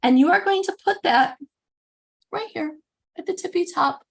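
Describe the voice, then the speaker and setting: A woman hosting a casual live makeup tutorial, chatty and animated, often interrupting herself. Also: very high voice, normal speed, vocal fry. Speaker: makeup demo host.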